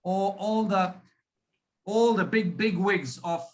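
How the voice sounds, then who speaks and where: A man from India with a polished RP-influenced Indian accent, giving a speech on pronunciation and demonstrating sounds deliberately. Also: sits high. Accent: Indian English, RP-influenced. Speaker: pronunciation coach.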